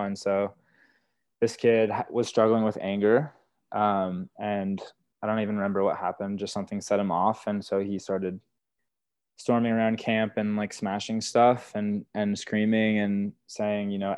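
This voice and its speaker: A young man recounts stories from his job as a wilderness therapy guide, speaking casually and earnestly on a podcast and leaning on "like" and "you know." His voice is lowish, smooth and a bit dark, captured in a dry recording.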